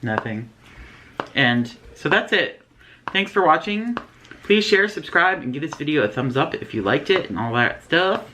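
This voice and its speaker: An easygoing woman hosting a beauty unboxing video. Her voice sits remarkably low and swings up and down with lively intonation. She keeps things chatty and unhurried. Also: a little hiss or hum. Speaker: beauty vlogger host. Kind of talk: casual unboxing chat.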